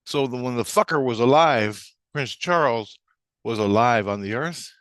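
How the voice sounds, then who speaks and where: A man's voice: mid-range voice, animated, normal speed, a bit bright, no echo, clean studio sound. A man telling a personal story in a rambling, casual monologue, often restarting his sentences. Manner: rambling, with frequent restarts and fillers. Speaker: vlogger.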